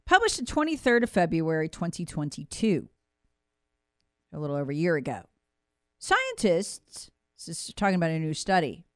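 A woman hosting opinionated political commentary, sarcastic and mocking, with sudden swings between loud jabs and low muttered asides. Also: no echo, studio quality. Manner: sarcastic, mocking impressions of officials.

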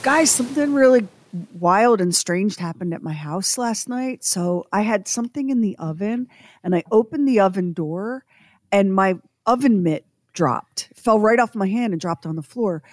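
A middle-aged woman co-hosts a radio show and tells a story in a lively, self-mocking way. She acts out the other people's lines in exaggerated voices. Her voice sounds dry and close, with no room around it. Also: medium pitch, normal speed, dry recording. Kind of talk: casual storytelling on morning radio.

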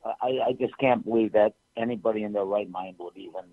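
A man's voice: lowish voice, fairly even intonation, quick pace, dry recording. A man calling in to a radio show, hesitant and indignant, over a phone line. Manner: hesitant, indignant, many fillers. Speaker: caller. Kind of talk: live call-in.

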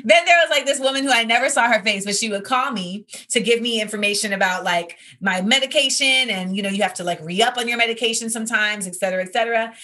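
A woman's voice: fairly high pitch, fast talker, hardly any pauses, pushed and bright. A woman in her thirties, a comedian hosting a podcast segment, telling stories in a chatty, casual monologue. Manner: chatty, storytelling, full of fillers like "you know".

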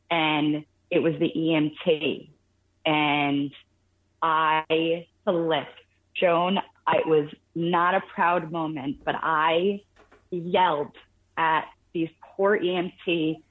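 A low-voiced woman calls in to a radio show over a tinny phone line to share a caregiving story. Her tone is level, and she tells it earnestly but haltingly, with many restarts.

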